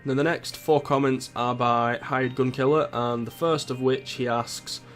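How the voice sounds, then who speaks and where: A man's voice: mid-range voice, fairly even intonation, unhurried, faint music behind. A man in his twenties from Greater Manchester, with a local accent tinged with Yorkshire, chatting through viewer questions in a rambling, jokey, sweary way. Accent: Greater Manchester with a touch of Yorkshire. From Greater Manchester, England. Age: 20s. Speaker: YouTuber answering viewer questions. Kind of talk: casual Q&A vlog.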